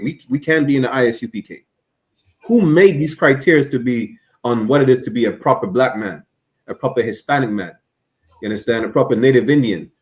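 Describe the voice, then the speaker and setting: A man's voice: mid-range voice, a little mellow. Guy on a stream going on earnestly, keeps restarting, mid voice. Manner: earnest, rambling, many restarts. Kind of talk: online stream discussion.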